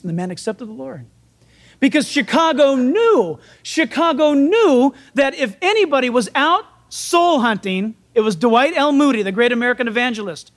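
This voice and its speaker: A man preaching a sermon as pastor, animated and playful, acting out the people in his stories. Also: extremely high pitch, moderate pace.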